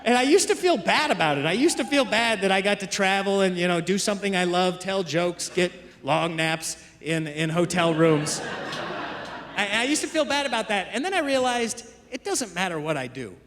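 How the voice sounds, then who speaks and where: High-voiced male comic on a live stage. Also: big pitch swings, fairly bright tone. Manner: conversational storytelling, quick asides to the crowd. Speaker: stand-up comedian. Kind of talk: stand-up comedy set. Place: comedy club stage. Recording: live stage mic with long hall reverb and crowd laughter.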